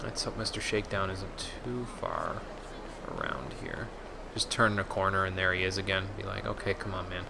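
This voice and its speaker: A man's voice: low voice, animated, normal speed, gravelly, background noise. A man streaming a video game, reading menu text aloud and chatting casually with his viewers. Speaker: gaming streamer. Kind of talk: casual let's-play commentary.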